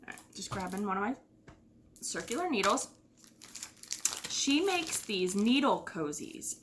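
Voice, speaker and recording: A woman's voice: mid-range voice, big pitch swings, moderate pace, sharp tone, a little hiss or hum. A middle-aged woman from the United States hosting her knitting podcast in a rambling, casual chat full of fillers and sighs. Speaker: podcast host.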